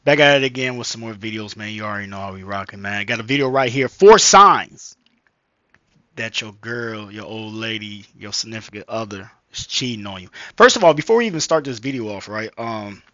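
A man's voice: on the low side, expressive, brisk, sharp tone, no room sound, muffled recording. A man vlogging casually into a headset mic, rambling with slang, profanity and lots of fillers. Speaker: vlogger reacting to a video. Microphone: gaming headset microphone.

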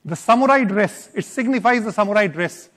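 Rapid high-voiced Indian executive. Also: male voice, lively intonation, fairly bright tone. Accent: Indian English. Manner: brisk, promotional, explains features. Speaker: car company executive. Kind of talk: product presentation at a launch. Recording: reverberant event hall.

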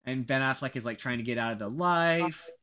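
A young man co-hosting a casual podcast, rambling and animated, poking fun at his own past opinions. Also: mid-range voice, a little fast. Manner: animated, rambling, self-mocking. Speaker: podcast co-host.

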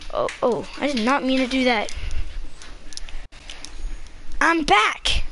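High-voiced excitable gamer woman. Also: a little hiss or hum. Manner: chaotic, yelling bursts and laughing asides. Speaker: gameplay commentator. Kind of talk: excited gameplay commentary.

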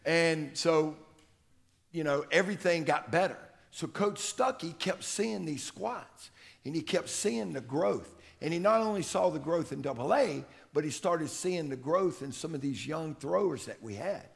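A man's voice: fairly high pitch, expressive, unhurried, vocal fry. A middle-aged man, a strength coach giving a folksy, anecdotal conference talk. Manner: folksy, anecdotal, acts out quotes. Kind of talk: conference presentation, storytelling. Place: conference room.

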